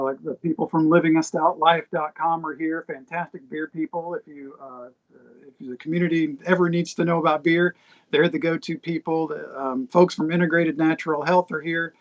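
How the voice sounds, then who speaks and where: Guest, man, relaxed and halting, fairly high voice, muffled lo-fi call audio. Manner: easygoing, halting with fillers. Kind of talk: casual video-call chat.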